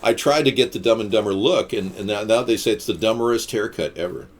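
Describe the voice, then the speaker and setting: A man hosting a casual live stream, answering viewer comments in a rambling, deadpan-joking way with quips and rants. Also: fairly low pitch, fast talker. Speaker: livestream host.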